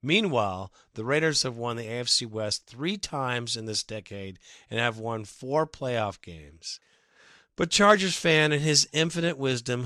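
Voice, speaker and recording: A man's voice: medium pitch, sharp tone, no echo, studio quality. Sarcastic male sports podcast host. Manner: sarcastic, reads listener comments aloud. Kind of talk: casual fan podcast monologue.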